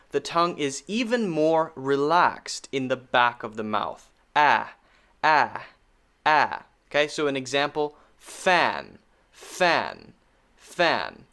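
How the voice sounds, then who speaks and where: A man with an American accent teaching pronunciation in a recorded lesson, speaking deliberately and repeating vowel sounds to demonstrate them. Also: fairly high pitch, fairly bright tone, clean tone.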